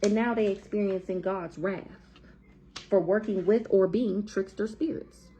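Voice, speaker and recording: A woman's voice: mid-range voice, a little slow, mellow, highs cut off, slight background noise. A woman with giving a blunt, profane, heated tarot reading to camera in a casual monologue. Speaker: tarot reader.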